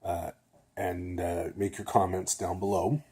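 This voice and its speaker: A man's voice: low voice, flat delivery, unhurried, dark tone, slightly rough. An older man, a retired nurse, talking casually to camera in a rambling way, a little nasal and often checking in with "okay?". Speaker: vlogger.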